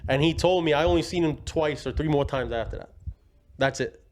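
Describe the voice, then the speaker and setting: A man's voice: fairly high pitch, a little fast, slight background noise. A young man telling family stories in a rambling, slangy way, laughing as he goes. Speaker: guest. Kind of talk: casual storytelling.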